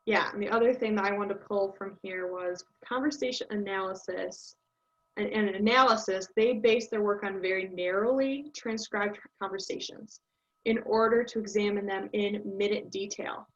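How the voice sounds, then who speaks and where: A woman's voice: mid-range voice, moderate pace. Casual young woman presenting, lo-fi sound. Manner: casual, thinking aloud with many ums. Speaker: student presenter. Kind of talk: recorded class presentation. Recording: dull lo-fi audio.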